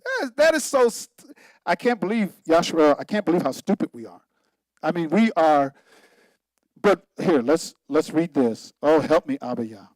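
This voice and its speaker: A man's voice: on the high side, sing-song, normal speed, a little mellow, dry recording, low-quality recording. A man, a pastor, giving an informal Bible teaching in a conversational, emphatic way, repeating himself and laughing at his own points.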